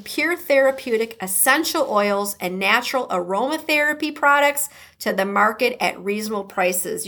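A woman's voice: on the high side, a bit bright. A woman with a Midwestern accent hosting a podcast, chatty and upbeat, reading her intro and sponsor message with playful asides. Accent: American Midwestern. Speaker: podcast host.

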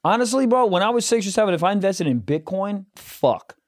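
A man's voice: high voice, animated, a little fast. A man co-hosting a podcast, joking crudely and swearing, slipping into brief mock voices. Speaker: podcast co-host. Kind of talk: crude casual banter.

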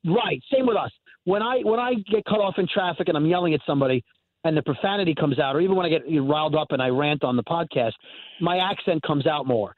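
A man with a New York accent, a podcast co-host guesting on a radio show, talking in an animated, rambling, self-deprecating way. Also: on the high side, fast, no echo. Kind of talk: casual radio chat. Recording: tinny phone line.

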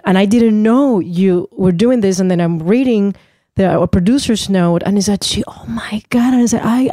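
A woman host with a mellow, warm tone chats casually with her guests. She gushes like an enthusiastic fan. Her voice is close and dry. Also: medium pitch, dry recording. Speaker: podcast host. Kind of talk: casual interview chat.

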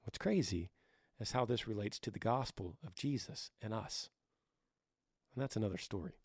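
A man's voice: lowish voice, moderate pace, no echo, clean studio sound. A man hosting a podcast, giving casual advice in an earnest, conversational way, his voice a little scratchy. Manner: earnest, conversational, with restarts and soft laughs. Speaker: podcast host.

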